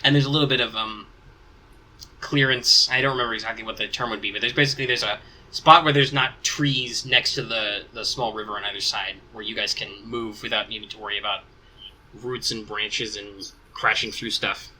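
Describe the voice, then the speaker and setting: A man's voice: lowish voice, steady tone, fairly quick, bright, forceful tone, rough recording. A man acting as game master, narrating a tabletop game in a casual, rambling way as he thinks aloud.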